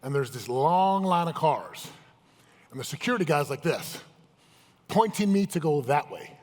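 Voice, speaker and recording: This male motivational speaker has a slightly high, very animated voice and keeps a moderate pace. He is giving a seminar talk in a big event hall, emphatically questioning the live crowd, and the recording carries the hall's echo.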